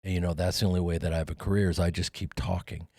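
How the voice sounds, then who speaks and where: A man in his fifties, a guest actor and comedian, telling animated showbiz stories in a radio studio on a studio mic. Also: low-pitched, racing, dry recording. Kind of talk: animated storytelling. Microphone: studio microphone.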